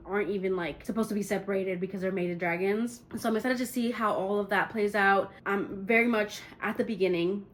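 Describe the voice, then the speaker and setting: A young woman giving a chatty, gushing book update as a vlogger, emphatic and excited. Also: mid-range voice, slight background noise. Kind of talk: casual reading update.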